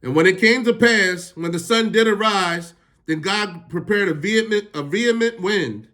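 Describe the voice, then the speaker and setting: High-voiced man explaining scripture casually. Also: moderate pace, bright, forceful tone. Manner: reads verses, then paraphrases them in slangy street talk. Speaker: Bible teacher.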